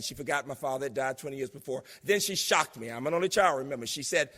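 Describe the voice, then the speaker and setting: A man's voice: medium pitch, racing, hardly any pauses, fairly bright tone. A man in his sixties giving an emphatic, story-filled conference speech as a university president, recorded in a large lecture hall. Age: 60s. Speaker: keynote speaker, university president. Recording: long reverb of a large hall.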